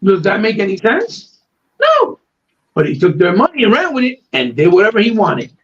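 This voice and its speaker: A man with a very high voice rants on a podcast, swearing freely and getting fired up as he goes. The sound is dull and lo-fi, as if the treble has been cut away. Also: wildly swooping pitch, moderate pace, a little hiss or hum. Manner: profane, fired-up, ranting. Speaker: podcast co-host. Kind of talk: heated casual podcast rant.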